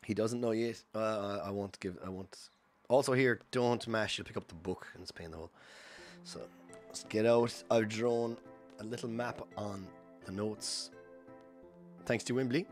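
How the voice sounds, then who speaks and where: A man with a lowish voice gives live gameplay commentary, walking viewers through each input while chatting with his chat. Music plays faintly under his talk. He sounds relaxed and conversational, like a streamer mid-run. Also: normal speed. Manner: chatty, explains each step while playing; chats with viewers between instructions.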